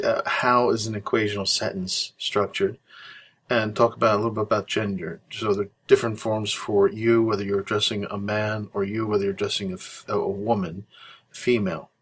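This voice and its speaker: A man teaching an Arabic textbook chapter, explaining patiently and slowing down to model each phrase. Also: on the low side, fairly bright tone, a little hiss or hum. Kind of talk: recorded textbook lesson walkthrough.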